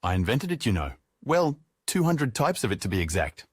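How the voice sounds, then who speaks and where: A man voicing a pretentious male coworker who boasts in a drawn-out, self-satisfied way. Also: mid-range voice, very animated, husky, no echo, studio quality. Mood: pompous. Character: pompous male coworker full of tall tales.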